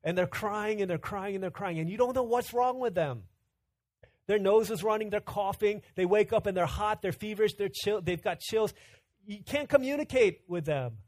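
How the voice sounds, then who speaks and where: A man in his thirties preaches a sermon in a conversational, storytelling way. His voice sits a little high. He rises to loud, urgent bursts and then drops to hushed quiet. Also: animated, moderate pace, dry recording. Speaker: pastor.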